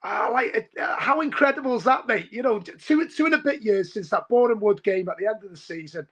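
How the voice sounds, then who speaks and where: A man from Wales in his forties, a football fan talking on a video call, excitable and rambling, calling everyone mate. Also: high voice, brisk. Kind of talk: casual podcast chat.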